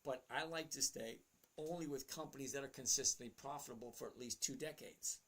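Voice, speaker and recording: A man's voice: mid-range voice, brisk, fairly bright tone. A man in his sixties hosting a casual livestream, reading viewer questions and answering them bluntly and chattily. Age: 60s. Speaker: host.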